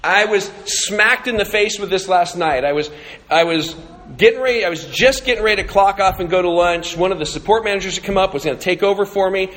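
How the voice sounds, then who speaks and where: A man's voice: sits high, fairly quick, fairly bright tone. A man preaching a sermon, telling a story about his day in a plain conversational way before leading a group reading of scripture. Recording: echoey hall with long reverb.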